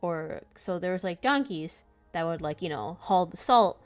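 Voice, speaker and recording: A woman's voice: on the low side, lively intonation, normal speed. Young woman just chatting while drawing, giggles a lot, lots of likes and ums, faint music behind. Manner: giggly, laughs often between sentences; loose rambling storytelling with many fillers. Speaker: comic artist and channel host. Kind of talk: casual chat while drawing.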